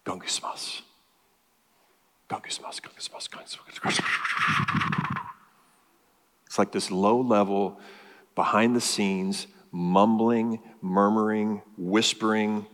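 A man's voice: fairly low pitch, in a large hall. A man preaching a sermon as pastor, explaining a passage and building emphasis through lists.

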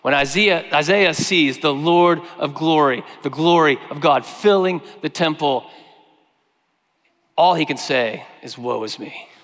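A man preaching a sermon, earnest, slowing down and growing quiet when he quotes scripture. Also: on the high side. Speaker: pastor. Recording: long hall reverb.

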